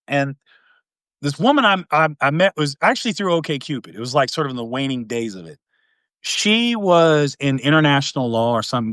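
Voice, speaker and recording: A man hosting a podcast, telling a long dating story in a casual, animated way, acting out the quotes with big swings in pitch and volume. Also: no echo, clean studio sound. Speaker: podcast host.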